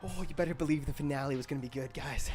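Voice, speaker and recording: A woman streaming a game late at night, swearing and hyping herself up in hushed, casual commentary. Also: rumbling low, racing, soft background music. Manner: profane, hyped, muttering to herself. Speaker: gaming streamer. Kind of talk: casual let's-play commentary. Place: home at night, speaking quietly.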